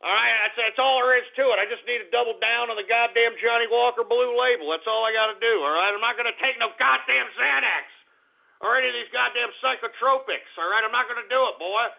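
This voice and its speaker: Man, talk radio host, cursing and exasperated, raspy fry, narrow phone-like sound. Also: very high-pitched, fast talker. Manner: profane, exasperated, swears constantly. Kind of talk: call-in talk radio rant. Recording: tinny phone-like radio audio.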